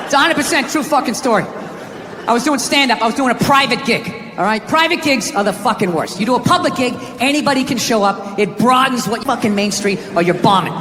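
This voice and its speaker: Ranting high-voiced man, stand-up on stage. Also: brisk, a little hiss or hum. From United States. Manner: profane, ranting, exasperated. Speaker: comedian. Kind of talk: stand-up comedy. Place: large theater with a laughing crowd. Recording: echoey live hall, loud crowd.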